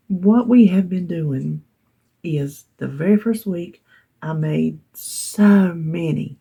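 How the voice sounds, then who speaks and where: A woman's voice: deep voice, gravelly, dark tone, slightly rough. A middle-aged woman with a Southern US accent, chatting casually to her viewers, laughing often and dropping to a whisper now and then. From North Carolina. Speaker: vlogger. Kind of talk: casual chat to camera.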